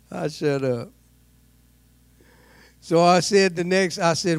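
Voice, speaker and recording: A man preaching a sermon, telling a personal story in an animated way and acting out the people in it. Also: a little high, very slow, smooth, dry recording. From United States. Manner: animated, voices the people in his stories.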